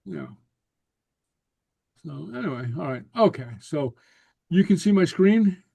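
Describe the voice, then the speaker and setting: A man teaching a Gaelic class over a video call, relaxed and full of fillers and repeated okays. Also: fairly high pitch, measured pace, creaky, husky, no room sound.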